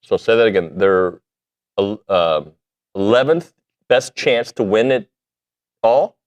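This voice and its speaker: A man hosting a sports talk show, talking casually in an animated, joking way that pokes fun at himself. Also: lowish voice, slow, highs cut off. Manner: animated, self-deprecating, jokey. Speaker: sports radio host.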